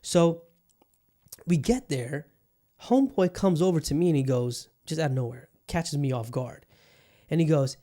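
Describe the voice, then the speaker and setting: A Bangladeshi podcast host in his thirties tells a story in a warm, fairly high, very animated voice at a moderate pace. He rambles casually, swears freely, and leans heavily on fillers.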